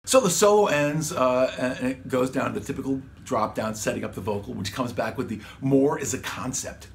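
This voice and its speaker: Gravelly laid-back man explaining his song. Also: mid-range voice, brisk, noisy background. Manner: laid-back and rambling, with slang like "man" and "dude". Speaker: songwriter and guitarist explaining his recording. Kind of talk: casual home-studio walkthrough.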